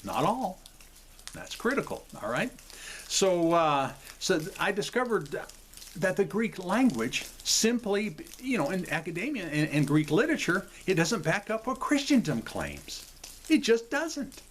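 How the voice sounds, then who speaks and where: Lively-voiced man rambling through an explanation. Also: high voice, a little slow, slight background noise. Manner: rambling, apologetic, often checks in with "okay?". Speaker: video host. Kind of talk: casual explanatory talk to camera. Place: his home.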